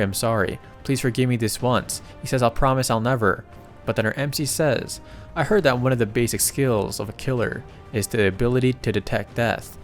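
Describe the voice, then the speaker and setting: A man narrating a comic recap in a casual, chatty way, breaking in with excited asides. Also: mid-range voice.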